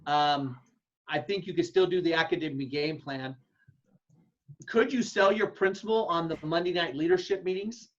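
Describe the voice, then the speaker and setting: A man, a football coach, giving blunt, folksy advice to other coaches and acting out his own yelled calls. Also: on the high side, moderate pace. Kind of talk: casual advice talk to coaches. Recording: dull lo-fi sound.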